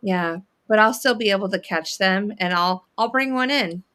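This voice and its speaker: An enthusiastic woman talks casually as a guest. Her voice sits at an ordinary middle pitch. She is chatty and upbeat. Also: moderate pace, pushed and bright. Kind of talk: casual chat.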